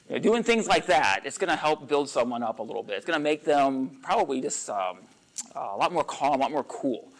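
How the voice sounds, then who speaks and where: A man leads a casual coaching session for a small group in a meeting room. His voice sits slightly high and moves in lively swings. He chats loosely, full of fillers, and slips into little acted-out lines. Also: fairly quick, poor audio. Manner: animated and conversational, acts out sample lines, frequent fillers. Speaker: coach teaching a workshop on listening. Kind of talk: casual live teaching talk.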